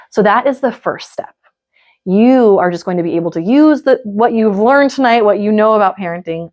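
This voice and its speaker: A woman's voice: mid-range voice, gravelly. Chatty woman leading a parenting workshop. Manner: casual, chatty, many "like" and "right?" fillers. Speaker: parenting coach. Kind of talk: live parenting workshop talk.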